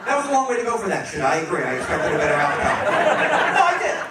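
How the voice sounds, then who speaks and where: Man doing loud stand-up in a club. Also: a little high, huge pitch swings, fast talker. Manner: punchy, teasing crowd work. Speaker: stand-up comedian. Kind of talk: stand-up comedy set. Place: comedy club stage. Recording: echoey club audio from a distance. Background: audience laughter and room noise.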